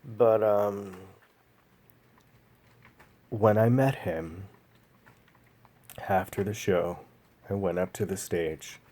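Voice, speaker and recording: A man vlogging a personal story in a slow, halting, emotional way, pausing often. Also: on the low side, fairly even intonation, darkish tone.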